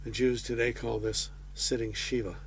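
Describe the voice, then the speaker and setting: A man's voice: mid-range voice, steady tone, moderate pace, slight background noise. A man preaching a conversational sermon, folksy with casual asides.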